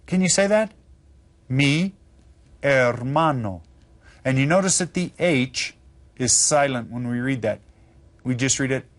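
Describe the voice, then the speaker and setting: Slow, coaxing male Spanish teacher. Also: medium pitch. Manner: upbeat, coaxing, repeats words slowly for pupils. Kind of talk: scripted children's language lesson.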